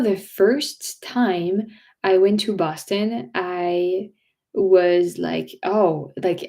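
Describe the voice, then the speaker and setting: A woman's voice: medium pitch, creaky, mellow. A woman from France with a French accent, chatting casually as host of a livestream, rambling with many restarts and fillers. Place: home.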